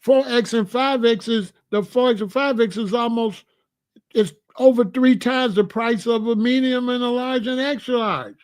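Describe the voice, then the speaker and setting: Argumentative male commentary host, high voice. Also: moderate pace. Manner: argumentative, piling up rhetorical questions. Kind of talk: reaction commentary.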